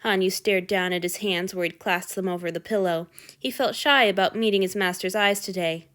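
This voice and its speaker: A woman's voice: medium pitch, fairly quick, fairly bright tone. Woman steadily reading fan fiction aloud. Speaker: narrator.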